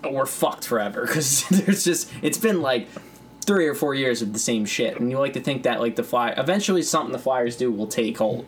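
A man's voice: medium pitch, expressive, brisk, slight background noise. A young man co-hosting a podcast in casual chat, rambling, swearing freely and laughing often. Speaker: podcast co-host.

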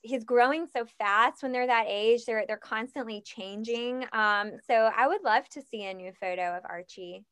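Woman podcast co-host, smooth clear voice, fairly high, dry close sound. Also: moderate pace, hardly any pauses, fairly bright tone, no room sound. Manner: brief, agreeable interjections. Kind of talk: casual chat.

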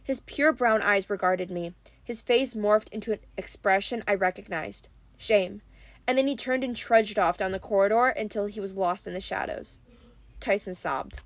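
A woman narrating an audiobook in a steady, measured reading. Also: medium pitch, no room sound.

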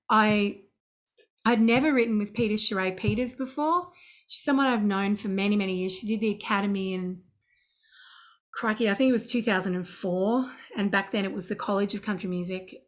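A woman, a singer and songwriter, chatting in an interview and telling anecdotes. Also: mid-range voice. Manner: chatty, anecdotal, animated storytelling. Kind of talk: casual interview chat.

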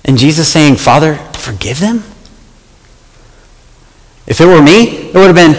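A man preaching a sermon, passionate and animated, often asking his listeners questions. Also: a little high, measured pace, pauses often, slightly rough, big-room sound, rough recording.

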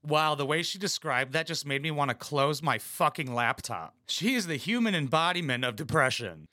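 A man with a bright, forceful tone, pitched a little high, reacts to a reality show in a crude, mocking way. His voice is close and dry, and he delivers blunt put-downs in casual, profane chatter. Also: animated, normal speed, few pauses, dry recording. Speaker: reaction commentator.

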